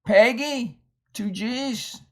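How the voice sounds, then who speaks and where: A man's voice: extremely high pitch, extremely slow. A man teaching a phonics lesson, reading out a word list and explaining each word in a patient way with homely asides.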